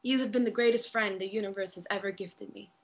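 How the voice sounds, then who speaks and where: A woman voicing a calm, wise spirit woman who was once an orca, quiet and slow. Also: mid-range voice, natural voice. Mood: serene. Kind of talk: dramatic play reading.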